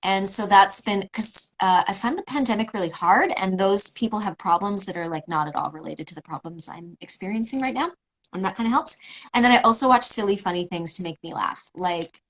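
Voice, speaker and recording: A Canadian voice actor signing autographs on a livestream chats casually, joining through a remote video call and rambling a little with fillers. She speaks briskly at medium pitch, and the audio is poor.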